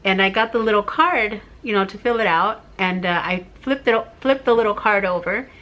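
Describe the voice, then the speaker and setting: A woman's voice: medium pitch, normal speed, fairly bright tone, muffled recording. Tearful woman telling a personal story. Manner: heartfelt, emotional, rambling with fillers. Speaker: vlogger.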